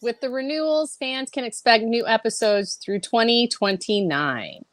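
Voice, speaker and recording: Woman, podcast co-host, bubbly, teasing, slightly high voice, dry mic. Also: animated, moderate pace, dry recording. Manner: laughs often, bubbly and teasing. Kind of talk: casual chat, reading news aloud.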